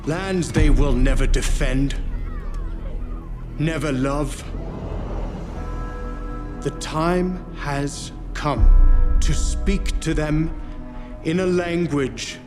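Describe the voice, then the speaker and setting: Grim, solemn Viking warrior. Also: male voice, fairly high pitch, steady tone. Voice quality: slow and solemn. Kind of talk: game trailer voice-over. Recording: long hall reverb with loud music.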